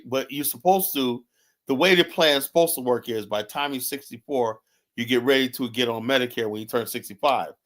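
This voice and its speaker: A panelist who works as an insurance agent argues heatedly in a debate, talking over the others and repeating "hold on" to hold the floor. His voice is mid-range with a fairly bright tone.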